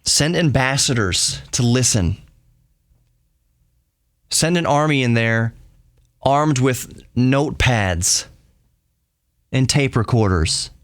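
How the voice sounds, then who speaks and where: A man's voice: medium pitch, expressive, slow, pauses often, no echo, studio quality. A man hosting a podcast, talking in an earnest and heated solo monologue, often repeating and restarting his phrases. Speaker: podcast host.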